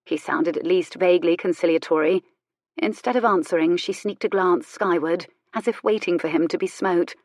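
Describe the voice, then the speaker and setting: Woman reading a romance novel aloud, expressive, slightly low, very dry close mic. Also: dry recording. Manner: measured, expressive storytelling. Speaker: audiobook narrator. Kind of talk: scripted narration.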